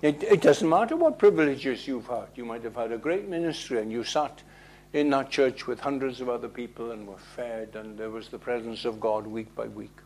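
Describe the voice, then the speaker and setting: Speaking at normal speed in a medium pitch, a man preaches with emphasis, throwing out rhetorical questions and moving from loud proclamations to hushed passages. There's a little hiss or hum in the recording.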